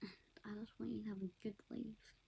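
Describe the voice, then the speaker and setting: Woman vlogger, confessional, half-whispered, gravelly and breathy. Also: medium pitch, level tone, moderate pace, low-quality recording. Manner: soft, often whispered, hesitant. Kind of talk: confessional monologue to camera.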